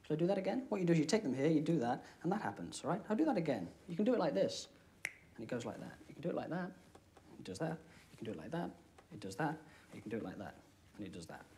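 A young British man performing comedy magic, chatting with a volunteer and dropping deadpan one-liners. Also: fairly high pitch, very fast. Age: young adult. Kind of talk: comic magic patter. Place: TV studio with live audience. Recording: studio audience noise behind.

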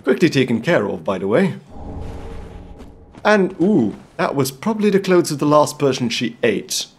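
A Belgian man provides in-character let's-play commentary, theatrical and playfully gallant with comic outbursts. His voice is on the high side, very animated and breathy, at a moderate pace.

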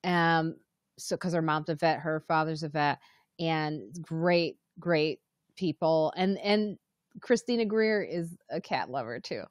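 A woman's voice: low-pitched, slow, no echo, clean studio sound. A woman hosting a casual live-stream chat, chatting loosely and reading out viewer comments as they come in. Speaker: podcast host.

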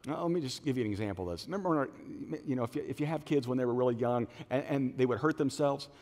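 A man's voice: medium pitch, very fast. A middle-aged male pastor preaching a sermon in a church auditorium, telling stories and acting out the voices of the people in them. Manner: animated storytelling, acts out quoted voices. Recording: long hall reverb.

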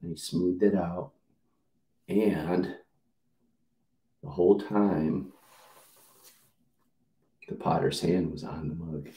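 A man making slow, low-key side remarks in a casual devotional stream. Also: steady tone, dark tone, echoey room. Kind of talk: casual aside.

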